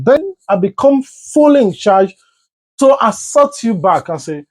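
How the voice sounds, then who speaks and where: A man's voice: high voice, unhurried, poor audio. A Nigerian man hosting a commentary show, arguing his opinion and acting out quarrels with a rising voice. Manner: animated, acts out arguments with rising voice.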